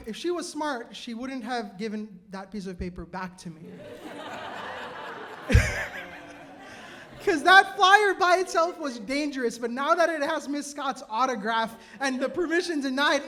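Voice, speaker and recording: High-voiced man telling a stage story. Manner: animated, self-mocking, quick asides with laughs. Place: cultural center stage before an audience.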